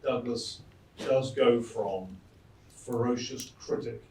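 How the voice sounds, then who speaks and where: A man moderating an audience Q&A, halting and searching for words. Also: medium pitch, a little mellow. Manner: halting, many fillers and restarts. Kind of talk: hosting an audience Q&A. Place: lecture hall. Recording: echoey room, mic far off, faint noise.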